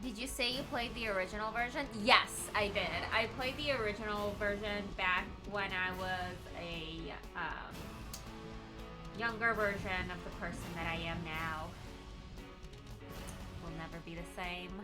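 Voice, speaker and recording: A woman's voice: medium pitch, steady tone, a little slow, music in the background. A young woman chatting casually to viewers on a live stream, tired and rambling, with bursts of bubbly squealed greetings.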